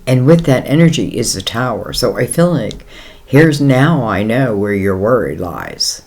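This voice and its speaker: A man's voice: mid-range voice, sing-song, measured pace, a little mellow. A man giving a casual tarot reading, talking in a rambling, conversational way with many fillers and speaking straight to the listener in a reassuring tone. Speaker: tarot reader.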